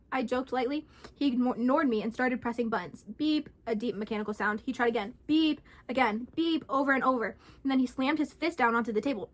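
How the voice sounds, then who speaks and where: A young woman vlogger reading a scary story aloud in an animated, dramatic way. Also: fairly high pitch, fast talker.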